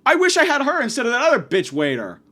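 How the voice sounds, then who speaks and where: A man delivering a profane comedic rant, abrasive and insulting, swinging from yelling to muttering. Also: extremely high pitch, huge pitch swings, fast. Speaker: comedic ranter.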